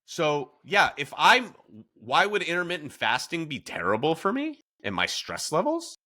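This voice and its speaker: A man's voice: on the high side, big pitch swings, moderate pace, pushed and bright. A man hosting a podcast in a casual discussion, telling stories with animation and acting out quoted lines. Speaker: podcast host.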